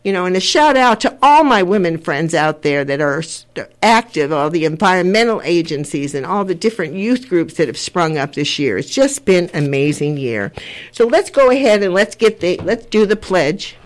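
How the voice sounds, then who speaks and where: An older woman hosting a community radio talk show speaks earnestly at a moderate pace, her lowish voice taking on a sing-song quality. She rambles a little and often repeats herself while gathering her thoughts.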